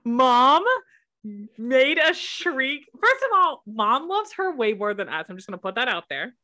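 A young woman co-hosting a podcast, telling stories in a lively, chatty way and acting out what others said. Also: sits high, measured pace. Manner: animated storyteller who acts out quotes. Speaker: podcast co-host. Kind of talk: casual chat.

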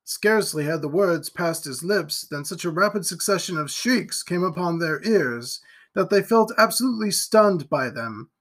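A man reading a gothic novel aloud in steady, even storytelling narration. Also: high voice, normal speed. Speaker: audiobook reader.

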